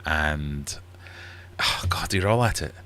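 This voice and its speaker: A man's voice: very deep voice, takes it slowly, pushed and bright, clean tone. A middle-aged man hosting a casual livestream chat from his fish room, rambling and self-deprecating. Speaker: livestream host. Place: small warm fish room at home.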